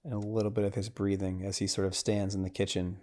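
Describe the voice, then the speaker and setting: A man hosting a podcast, casually recapping a film scene by scene, with lots of "like" and "right?", dropping to a hush for tense moments. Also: fairly low pitch, level tone, quick pace. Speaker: podcast host.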